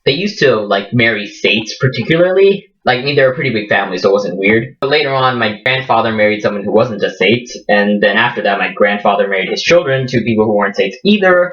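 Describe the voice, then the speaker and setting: A man from India with an Indian accent, chatting casually in a jump-cut vlog and jumping up in pitch on questions. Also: animated, fairly quick, hardly any pauses, fairly bright tone, muffled recording. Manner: chatty, with sudden upward pitch jumps on questions. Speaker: collaborative channel vlogger.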